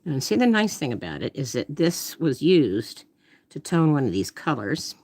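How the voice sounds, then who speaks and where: Woman artist, casual live-stream chat, thinks aloud and murmurs, lively swooping delivery. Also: rumbling low, moderate pace, dry recording. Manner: thinks aloud while painting, trailing off into murmurs.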